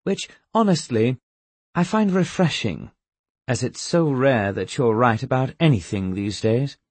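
A man playing a calm, menacing villain. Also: medium pitch, a little slow, breathy edge, no room sound. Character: cold, amused male villain seizing command.

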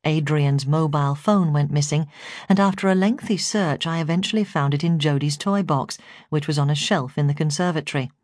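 A woman narrating a memoir in a calm, measured storytelling voice. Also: deep voice, no room sound, studio quality. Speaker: audiobook narrator.

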